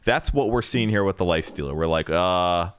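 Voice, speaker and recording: Very deep-voiced analytical esports caster. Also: male voice, expressive, fast talker, clean tone. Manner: analytical, casual, explains builds. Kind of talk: esports color commentary.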